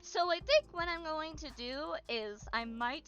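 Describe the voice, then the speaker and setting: A woman's voice: high voice, expressive, a little slow, a bit bright, faint music behind. A woman chatting casually on a stream as a VTuber, bubbly and chatty but tired and yawning.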